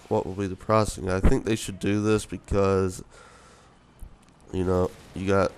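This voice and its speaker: A man's voice: fairly low pitch, darkish tone, clear, resonant tone. A young man giving casual, rambling commentary over gameplay, sleepy from just waking up, with many fillers. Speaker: gaming video commentator.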